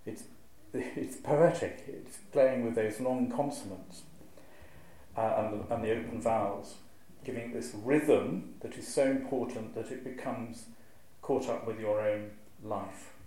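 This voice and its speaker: A man, a clergyman, giving a lively, wry lecture to a live audience and reciting verse with a strong rhythm. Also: fairly low pitch, unhurried. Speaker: clergyman giving a talk on preaching. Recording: very echoey hall, faint ambience.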